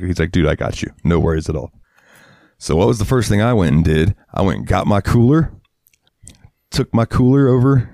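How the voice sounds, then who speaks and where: Low-voiced profane storytelling man. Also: warm tone, no room sound, studio quality. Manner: profane, heated storyteller acting out quotes. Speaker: podcast co-host. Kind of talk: casual storytelling chat.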